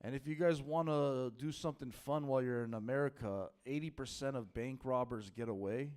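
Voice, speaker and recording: A man doing stand-up on a club stage, delivering absurd claims in a low-key, deadpan way. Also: fairly quick, clean tone. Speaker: stand-up comedian. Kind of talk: stand-up comedy set.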